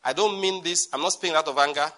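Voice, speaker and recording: A man's voice: fairly high pitch, quick pace, bright, forceful tone. A male pastor with a Nigerian accent, preaching a sermon with joking asides and his own laughter.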